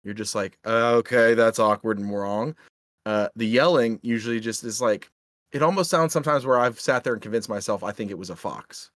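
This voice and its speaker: A young man co-hosting a podcast, casually telling animated ghost stories and swearing freely. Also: lowish voice, normal speed, no echo, clean studio sound. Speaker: podcast co-host.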